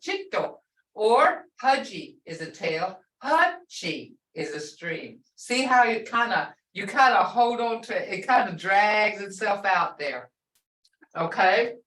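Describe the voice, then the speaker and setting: A woman's voice: medium pitch, fairly bright tone. A woman teaching a language class, patiently explaining and repeating example words. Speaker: language instructor. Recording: roomy sound from a distant mic.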